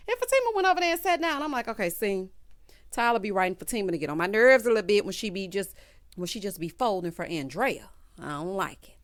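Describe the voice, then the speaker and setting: A woman hosting a casual TV recap, talking in a sassy, animated way and laughing often. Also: medium pitch, quick pace. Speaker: TV recap host. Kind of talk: casual review chat.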